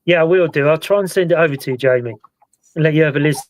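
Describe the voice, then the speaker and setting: A British man hosting a casual live-stream chat about a paranormal investigation, talking in a relaxed, rambling way. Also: on the high side, rapid-fire, dry recording, low-quality recording. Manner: relaxed, chatty, recounts events at length. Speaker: paranormal investigator and show host.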